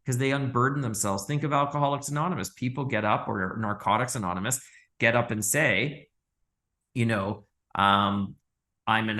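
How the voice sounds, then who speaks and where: A bright-voiced man talks as a podcast guest, animated and chatty. He tells stories and slips into the voices of the people he quotes, often laughing along the way. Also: mid-range voice. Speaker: orthodontist guest. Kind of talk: conversational podcast interview.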